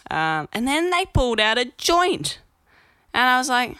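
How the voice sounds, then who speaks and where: A woman in her twenties with an Australian accent, hosting a podcast and telling stories in a blunt, chatty way with lively acted-out quotes. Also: sits high, moderate pace, dry recording, clean studio sound. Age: 20s. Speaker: podcast host. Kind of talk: casual monologue.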